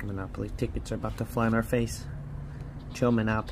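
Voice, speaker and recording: A fairly low, level male voice talks briskly over a noisy background. He's the host of a lottery scratch-off channel, scratching tickets in a casual vlog, grumbling with frustration and repeatedly tossing in "man."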